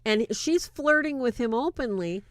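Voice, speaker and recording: Woman, casual movie recap, animated pitch, dry close sound. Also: normal speed, no room sound. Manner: retells scenes with acted-out quotes, chatty. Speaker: movie reviewer. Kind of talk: casual film recap, live-streamed.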